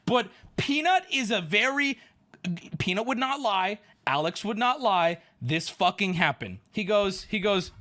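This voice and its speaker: Animated man telling a wild story. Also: high voice, a little slow. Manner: animated, exclamatory, swears. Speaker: streamer. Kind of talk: casual storytelling.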